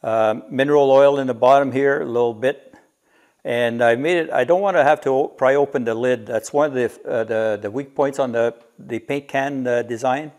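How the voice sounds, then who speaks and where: A man's voice: medium pitch, moderate pace, a little mellow. A man casually showing and explaining his homemade workshop gadget, walking through the technical details step by step. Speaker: DIY maker. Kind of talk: casual workshop show-and-tell.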